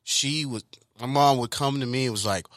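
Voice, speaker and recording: A man's voice: mid-range voice, normal speed, fairly bright tone, no room sound, clean studio sound. A young American man co-hosting a podcast, probing the others with questions. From United States. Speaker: podcast co-host. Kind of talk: casual chat.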